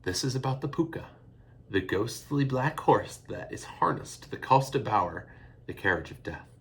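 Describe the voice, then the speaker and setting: A man's voice: mid-range voice, lively intonation, normal speed, lightly acted. A man voicing a jovial father who exclaims and spins playfully spooky tales. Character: jovial father, a lively storyteller.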